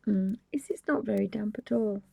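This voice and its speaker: A woman's voice: medium pitch, normal speed, creaky, warm tone, slightly rough, no room sound. A woman hosting a live painting tutorial, chatting casually and often dropping to a whisper, with rambling, apologetic asides at her home desk. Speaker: craft channel host.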